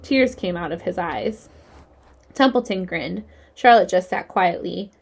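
A woman narrating a children's novel aloud in a clear, expressive storytelling manner. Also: lowish voice, a little slow.

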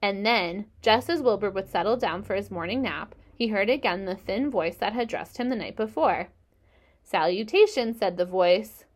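A woman narrating a children's storybook in a gentle, expressive way. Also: medium pitch, normal speed, few pauses. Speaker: reader.

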